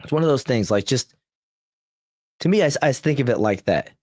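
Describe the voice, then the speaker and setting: A man's voice: mid-range voice, lively intonation, a little fast, a little mellow, dry recording, studio quality. An American man hosting a political livestream podcast, talking bluntly and rambling, reading posts aloud with offhand asides. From United States. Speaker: podcast host. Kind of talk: casual political commentary livestream.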